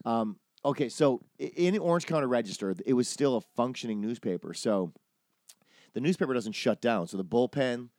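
A man casually telling a long story from his film-set days, animated and profane, acting out the people he quotes. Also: mid-range voice, normal speed, no room sound, studio quality. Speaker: podcast host telling a story.

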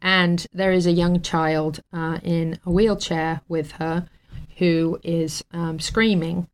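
Talk-show guest, woman, lower register, tells stories warmly with lots of fillers and laughter. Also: flat delivery, takes it slowly. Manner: warm and emotional, laughs often, many fillers. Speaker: guest telling a story. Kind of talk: casual storytelling on a talk show.

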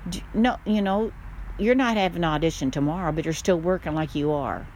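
An older woman, a mother, chatting casually and telling stories in a lively way, often laughing. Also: on the low side, a little fast, a little hiss or hum. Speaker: guest, mother. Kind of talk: casual chat.

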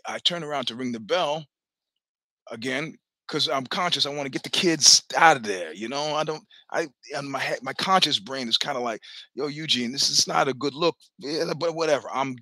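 A man in his sixties talks through a personal story on his own show, loose and chatty, stumbling over restarts and dropping curses along the way. His voice is very bright and forward at a mid pitch. It sits close and dry on the mic, with no room sound. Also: dry recording. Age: 60s. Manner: chatty, many restarts and stammers, swears freely. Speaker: podcast host. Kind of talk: rambling personal storytelling monologue.

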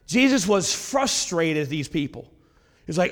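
A man's voice: fairly high pitch, very animated, unhurried, a bit bright. A male preacher reading old-style scripture aloud and explaining it in casual asides. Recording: long hall reverb.

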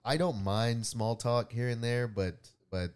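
A man in casual chat, reacting to a friend's story with swearing and quick asides. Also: medium pitch, smooth.

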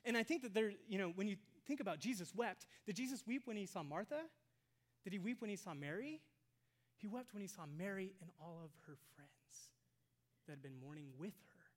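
Preacher swinging from loud to hushed. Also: mid-range voice, lively intonation, fairly quick. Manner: swings between loud emphasis and hushed near-whispers; rhetorical questions to the congregation. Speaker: pastor. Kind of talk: sermon. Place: church sanctuary with congregation.

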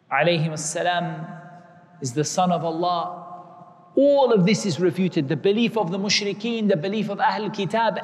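A man's voice: high voice, in a large hall. A man giving a religious lecture, explaining terms patiently and repeating key words. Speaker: Islamic teacher.

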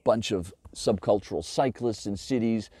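Male host, very low voice, dry close sound, lively chat that slips into quick impressions. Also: breathy edge, no room sound. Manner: animated, acts out voices of others; frequent restarts and "you know". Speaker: podcast host. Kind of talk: casual conversation.

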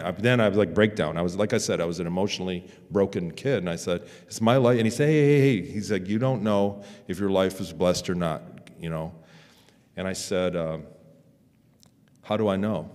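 At a conference hall, a man gives a storytelling talk, recounting a personal story in a rambling, candid way with restarts and casual swearing. His voice sits low and is a little mellow. The hall adds long reverb.

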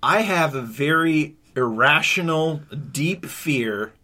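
A man with a fairly high, bright, forceful voice, swinging widely up and down as he spins a story. He swears freely and talks casually, like a podcast co-host among friends. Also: takes it slowly. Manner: animated, profane storytelling.

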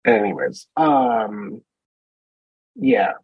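A man's voice: mid-range voice, wildly swooping pitch, drawn-out words, gravelly, breathy edge, dry recording. A man co-hosting a podcast in casual chat, rambling and restarting his sentences. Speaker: podcast co-host. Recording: dull, dry lo-fi sound.

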